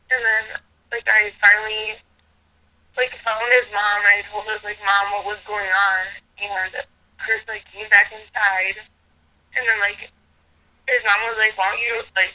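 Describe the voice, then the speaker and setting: A woman's voice: mid-range voice, sharp tone, poor audio. A young woman telling a personal story as a caller seeking advice, rambling and filling nearly every phrase with "like".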